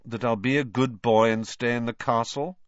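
A man's voice: fairly high pitch, very animated, normal speed, dry recording, lo-fi sound, voice pushed up. A man voicing an earnest teenage boy wizard in a raised, reassuring manner. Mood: gloomy, blank.

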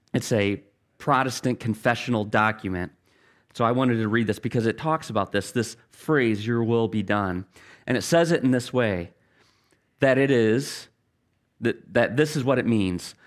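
Earnest middle-aged male preacher. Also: lowish voice. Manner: earnest, storytelling, slows down for key phrases. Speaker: pastor. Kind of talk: sermon.

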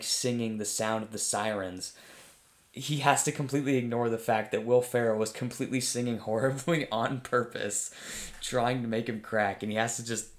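A man in a middle register rambles eagerly through a casual monologue, tripping over restarts, laughing and cursing as he goes. His voice carries a noticeable roomy echo. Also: medium pitch. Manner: enthusiastic, rambling, laughs often, swears casually. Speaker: vlogger reviewing a comedy film. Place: home room with his dog nearby.

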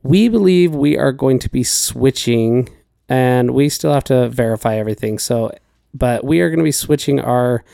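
A man co-hosting a casual podcast, easygoing and quick to laugh. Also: medium pitch, vocal fry, dark tone, dry recording, studio quality. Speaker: podcast co-host.

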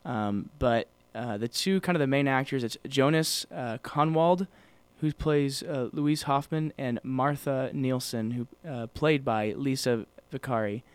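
A man's voice: mid-range voice, a little slow, hardly any pauses, clear, resonant tone, dry recording. A man co-hosting a podcast in casual chat, rambling with many fillers and restarts. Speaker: podcast co-host.

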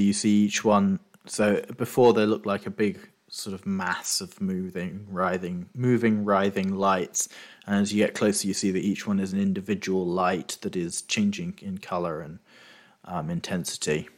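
A man running a tabletop game as game master, narrating scenes with frequent ums and pauses. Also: sits low. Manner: hesitant, lots of ums while describing.

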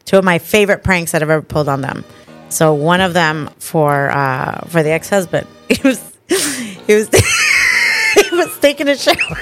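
A middle-aged woman co-hosting a casual podcast chat, telling stories with loud acted-out quotes, big laughs and lots of swearing. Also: on the low side, wildly swooping pitch, moderate pace, soft background music. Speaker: podcast co-host. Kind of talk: casual chat, animated storytelling.

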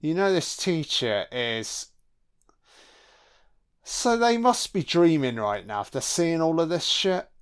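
A man's voice: a little high, big pitch swings, slow pace, long pauses, clean tone. A man giving a casual film commentary, sweary, sarcastic and mocking.

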